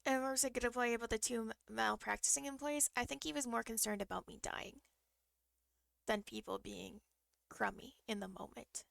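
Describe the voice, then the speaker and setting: A woman's voice: fairly high pitch, moderate pace, gravelly, fairly bright tone, no echo. A woman streamer chatting casually as she tells a personal story, with frequent ums and bursts of laughter.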